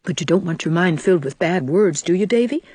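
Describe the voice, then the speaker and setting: Gentle young woman, voiced by a female narrator; quiet and tender. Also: lowish voice, lively intonation, a little fast, husky, dry recording.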